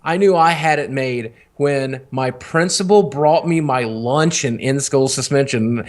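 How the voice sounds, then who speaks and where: Guy on a podcast, rambling candid story, swears a lot, middle pitch. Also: a little slow. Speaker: podcast co-host. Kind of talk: casual storytelling.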